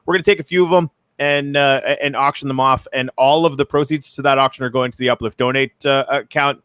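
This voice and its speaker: A man hosting a casual podcast chat, talking in a halting way full of fillers. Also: mid-range voice, fairly even intonation, fairly bright tone, clean tone, no room sound. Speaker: show host.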